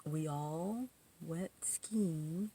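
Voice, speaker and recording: Gravelly woman telling a rambling story. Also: sits low, drawn-out words. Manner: rambling, full of "you know" asides and restarts; indignant, animated retelling. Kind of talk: casual personal storytelling.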